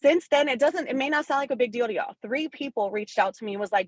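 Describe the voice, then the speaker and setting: A woman speaks on a video call about her recent wins as a real estate agent. She is candid and excited and swears freely. The sound is dry and close, with no room echo. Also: sits high, fast talker. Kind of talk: casual testimonial in a coaching call.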